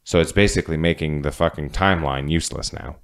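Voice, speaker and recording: A man's voice: extremely low pitch, fast talker, creaky. A man with a Cleveland accent co-hosting a podcast, talking bluntly and swearing freely in casual chat. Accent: Cleveland, Ohio. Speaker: podcast co-host.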